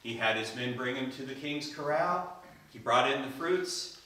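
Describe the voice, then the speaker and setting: Male storyteller, animated, live event, bright tone, reverberant hall. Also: mid-range voice, moderate pace. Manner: animated, acts out the characters' lines. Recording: echoey hall, voice from a distance.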